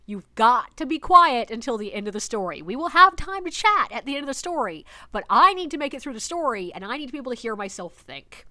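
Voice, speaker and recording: A woman who works as a ghost tour guide, telling a story casually with animated exasperation and swearing. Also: on the high side, fast, hardly any pauses, dry recording, clean studio sound.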